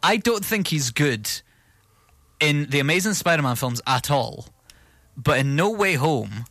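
Bright-voiced British podcast co-host. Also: male voice, a little high, animated, measured pace, no echo, studio quality. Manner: rambling, restarts with repeated words. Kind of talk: casual film news chat.

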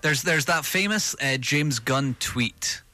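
A man's voice: mid-range voice, animated, slow, sharp tone, no echo. A man co-hosting a casual film podcast, rambling and joking with frequent restarts. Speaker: podcast co-host.

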